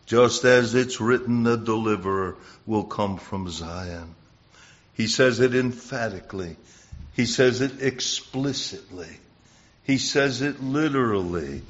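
A man preaching a sermon, emphatic, building to loud bursts on key points. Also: lowish voice, lively intonation, unhurried. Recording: dull lo-fi recording.

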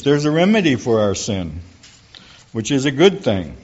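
A man's voice: medium pitch, sing-song, moderate pace, darkish tone. A middle-aged man telling a folksy church testimony to an audience, acting out the people he quotes. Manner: folksy storytelling, acts out quoted dialogue. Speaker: church speaker giving a testimony. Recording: dull lo-fi recording.

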